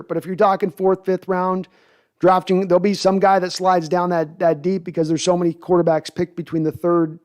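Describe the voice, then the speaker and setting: A man with a somewhat high-pitched voice hosts a podcast, reading out viewer comments and answering them in a loose, casual way. He rambles, restarting his sentences often. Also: darkish tone. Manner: rambling, with frequent restarts and fillers. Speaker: podcast host.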